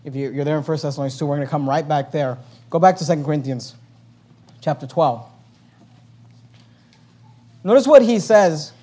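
High-voiced pastor preaching. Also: male voice, normal speed, pauses often, warm tone. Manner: preaching with rising emphasis, reading scripture aloud. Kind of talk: sermon.

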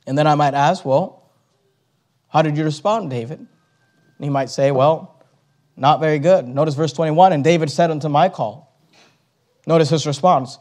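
A man's voice: fairly high pitch, normal speed, long pauses, a little mellow. A man preaching a sermon, acting out imagined conversations with sudden rises and drops in his voice. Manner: acts out imagined dialogue, rises and falls sharply.

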